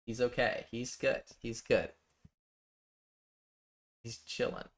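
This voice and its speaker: A man with a mid-range voice speaks slowly in a level tone. He's live-streaming a building game, chatting casually with viewers, reading out their chat and joking.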